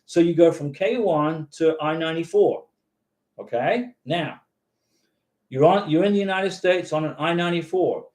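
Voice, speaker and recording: A chatty man with a high voice hosts a casual livestream. He reads out viewers' comments and answers them directly. The sound rings around an echoey room. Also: normal speed, a little mellow.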